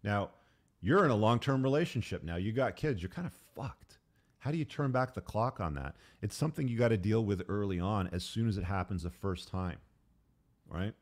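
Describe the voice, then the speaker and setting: Give me a man with a lowish voice giving blunt podcast advice. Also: lively intonation, normal speed. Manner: blunt, forceful, emphatic. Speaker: podcast host. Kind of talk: advice monologue with anecdotes.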